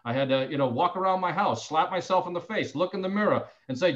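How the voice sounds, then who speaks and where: A man who sells insurance, sharing phone-call tips in a casual, animated way and acting out both sides of a call. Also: fairly high pitch, quick pace. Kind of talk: casual sales training talk.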